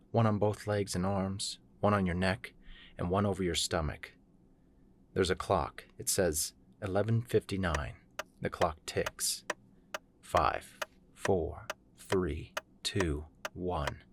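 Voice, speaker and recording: A man's voice: deep voice, a bit bright. A man reading a horror story aloud, narrating in a plain second-person manner.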